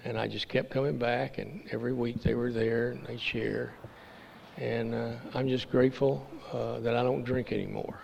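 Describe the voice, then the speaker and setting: Gravelly man telling his story in a meeting hall. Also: mid-range voice, flat delivery, a little mellow, slight background noise. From Texas, USA. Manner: halting, folksy storytelling. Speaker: speaker at a recovery meeting. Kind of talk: personal testimony at a meeting. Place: meeting room. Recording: dull lo-fi recording with long hall reverb.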